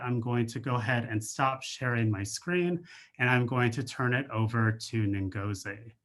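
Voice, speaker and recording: A man's voice: medium pitch, fairly bright tone. A male professor hosting a speaker series, introducing the guest in a friendly way with many fillers, heard over a video call.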